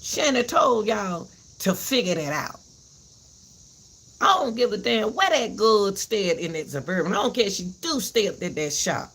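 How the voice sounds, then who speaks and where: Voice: mid-range voice, very animated, normal speed, fairly bright tone, breathy edge. A host giving a heated commentary rant, repeating herself and cursing as she vents. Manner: fiery, repeats herself, cusses.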